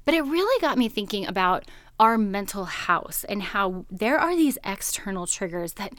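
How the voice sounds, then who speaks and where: A woman hosting a podcast, telling a personal story in a casual, animated way and laughing often. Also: mid-range voice, moderate pace, dry recording, studio quality.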